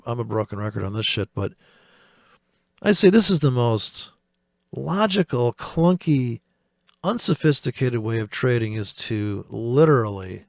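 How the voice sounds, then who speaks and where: Profane, gravelly trader ranting. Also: male voice, medium pitch, no echo, clean studio sound. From United States. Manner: profane, rambling, sarcastic. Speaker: trading channel host. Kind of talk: casual market commentary.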